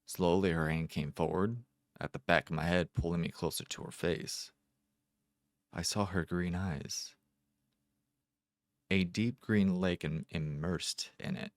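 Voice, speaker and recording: Very deep-voiced male story narrator. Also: no room sound. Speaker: amateur narrator. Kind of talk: first-person short story narration.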